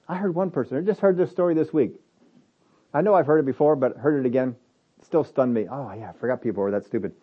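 A man preaching a sermon, stressing points hard, then dropping to low asides, with many rhetorical questions. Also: muffled recording. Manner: emphatic, swings between loud stresses and low asides. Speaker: pastor.

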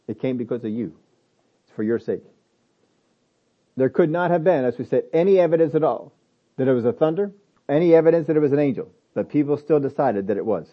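Emphatic preacher man, dull lo-fi sound. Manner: emphatic, swings between loud stresses and low asides; asks many rhetorical questions. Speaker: pastor. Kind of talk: sermon.

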